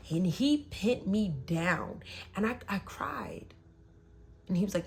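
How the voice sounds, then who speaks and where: A woman podcast host openly recounting an abusive relationship, blunt and emotional, sometimes dropping to a hush and sometimes rising sharply. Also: medium pitch, expressive, a little slow, vocal fry, soft background music. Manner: blunt, emotional, swings between soft and loud. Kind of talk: candid personal storytelling.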